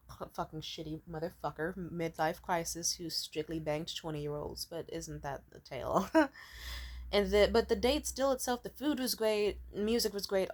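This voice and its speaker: A woman telling a story in a casual, ranting way, sarcastic and profane, full of filler words. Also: fairly low pitch. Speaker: vlogger.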